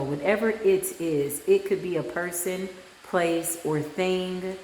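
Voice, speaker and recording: A woman's voice: fairly low pitch, fairly even intonation, slow, a little hiss or hum. A woman, a spiritual practitioner, leading a guided meditation with soothing affirmations and frequent "right?" check-ins. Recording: echoey room with long reverb.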